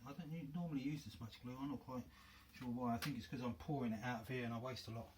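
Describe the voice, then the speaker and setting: A man's voice: medium pitch, steady tone, quick pace, a little hiss or hum. A man with a North London accent hosting a casual hands-on crafting tutorial, chatting and thinking aloud as he works in a home workroom. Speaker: crafting video host.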